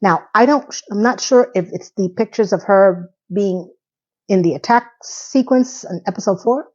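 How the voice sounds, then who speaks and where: A woman talks through a TV episode recap in a chatty, sarcastic style, often sounding incredulous. Her voice sits in a middle pitch. The recording is slightly dull and lo-fi. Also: moderate pace, darkish tone. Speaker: TV recap vlogger.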